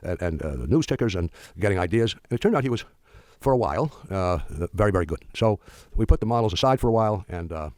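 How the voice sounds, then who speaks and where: An older man, the founder of a firm, tells halting, rambling stories to an audience, full of restarts and dry humor. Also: fairly low pitch, animated, a little mellow, no room sound. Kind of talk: storytelling talk to an audience.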